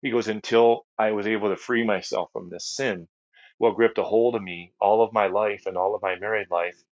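A man's voice: fairly low pitch, fairly even intonation, moderate pace, no echo. Earnest middle-aged man telling his testimony. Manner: earnest storyteller, repeats phrases, many fillers and restarts. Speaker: guest ministry leader. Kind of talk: personal testimony in a podcast chat. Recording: dry, slightly dull podcast audio.

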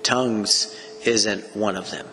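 A man's voice: lowish voice, fairly even intonation, slow pace, pushed and bright. A man preaching a sermon as pastor, earnest and conversational, often restarting his sentences. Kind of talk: sermon teaching. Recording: long echoing reverb with faint room noise.

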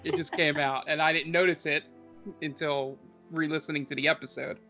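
Male podcast host and game master, slightly high voice, rambling and enthusiastic with lots of fillers. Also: level tone, brisk, sharp tone, faint music behind. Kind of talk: casual podcast chat.

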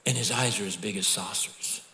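A middle-aged man preaching a sermon as pastor, telling stories in a conversational, animated way with asides to the congregation. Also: lowish voice, brisk. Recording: long hall reverb.

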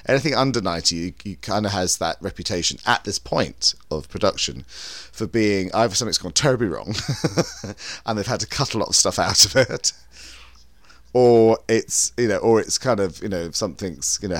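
A man's voice: fairly low pitch, lively intonation, normal speed, fairly bright tone, dry recording. A man co-hosting a podcast, telling stories in a chatty, rambling way with many restarts. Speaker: podcast co-host. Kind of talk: casual chat.

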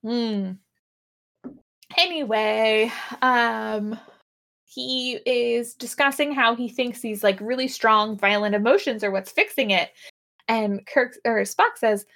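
A woman chatting casually, recapping a TV episode with lots of fillers and quick paraphrases. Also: fairly high pitch, vocal fry, a bit bright. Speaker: podcast co-host recapping an episode. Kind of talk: casual chat.

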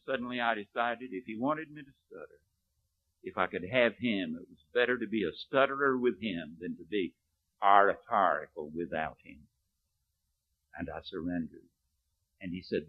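Male preacher, storytelling sermon, animated pitch, often falls to a quiet, low delivery. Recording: narrow, phone-like lo-fi recording.

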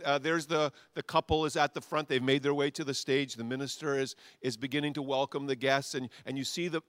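A male pastor preaching a sermon in a church, animated and talking directly with the congregation. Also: a little high, dry recording.

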